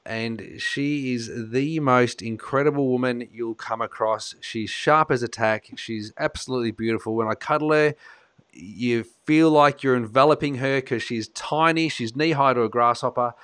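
A man co-hosting an interview show, effusive, excitable and openly emotional. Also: medium pitch, normal speed, smooth, dry recording. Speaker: co-host, wellness expert.

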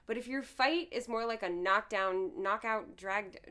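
Young adult woman, vlog co-host; lively, joking, mid-pitch casual talk. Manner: animated, laughs often, quick asides. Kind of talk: casual couple chat.

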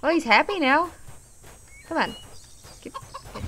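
A young woman giving casual game commentary, excitable, swearing, laughing and yelping at scares. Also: sits high, takes it slowly, slight background noise. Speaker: gaming YouTuber.

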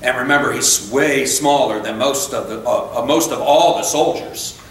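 Male preacher, energetic off-the-cuff sermon, faint noise in a roomy church. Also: mid-range voice. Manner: fired-up, conversational, quick asides and self-corrections. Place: church sanctuary. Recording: very echoey church room, voice from far off, faint noise.

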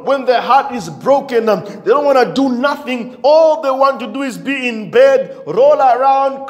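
A male pastor preaching a sermon with emphasis, repetition and frequent amens, in a church. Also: very high voice. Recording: long church hall reverb.

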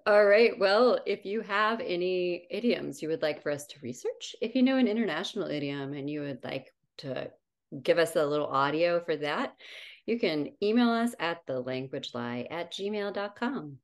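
A woman co-hosting a podcast in casual chat, playful and quick to laugh. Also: lowish voice, animated. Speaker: podcast co-host.

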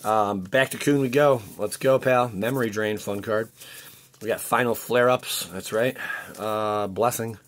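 Male host, lowish voice, chatty and stammering, casual pack-opening commentary. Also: fairly even intonation, unhurried, a little hiss or hum. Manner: chatty, rambling, frequent restarts and stammers. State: voice cracking. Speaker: card-opening channel host.

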